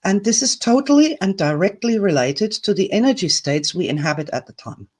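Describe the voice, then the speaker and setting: A woman's voice: mid-range voice, animated, a little fast, darkish tone, slightly rough. A woman teaching a self-help lesson in a chatty, playful, emphatic way. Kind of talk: recorded video lesson.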